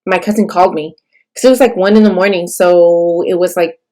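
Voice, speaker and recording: Young woman from california, low-ish voice, shaky and halting, lots of likes and ums, telling her story to camera. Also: fairly even intonation, mellow. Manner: tearful, halting, many fillers and restarts. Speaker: vlogger sharing a birth story. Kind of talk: emotional personal storytelling.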